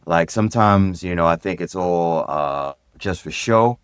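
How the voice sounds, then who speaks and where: A middle-aged man from Brooklyn, a former police sergeant guesting on a podcast, telling stories from his career in an easygoing, direct way and getting animated when he acts out conversations. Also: low-pitched, measured pace, clear, resonant tone, no room sound, studio quality. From Brooklyn, New York. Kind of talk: casual storytelling in a podcast interview.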